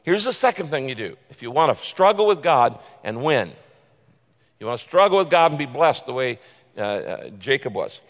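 A man preaching a sermon, swinging from loud, pleading quotes down to hushed, confiding asides. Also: medium pitch. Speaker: pastor. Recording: long reverb of a large hall.

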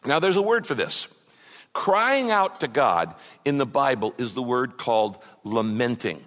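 A man preaching a sermon as a pastor, with impassioned delivery that swings from loud cries to mocking mumbles. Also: medium pitch, big pitch swings, measured pace. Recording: long hall reverb.

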